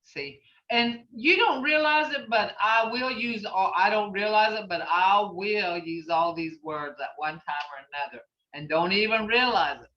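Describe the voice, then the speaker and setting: A woman teaching a language class over a video call, patiently saying phrases slowly and repeating them for her students. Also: medium pitch, pushed and bright. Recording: distant, roomy, dull video-call audio.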